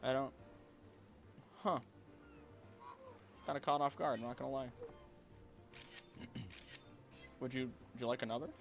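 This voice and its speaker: A man's voice: mid-range voice, fairly even intonation, measured pace, creaky, pauses often, faint music behind. A young man streaming a game live, chatting playfully with his viewers and the creatures on screen. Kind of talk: live gameplay commentary.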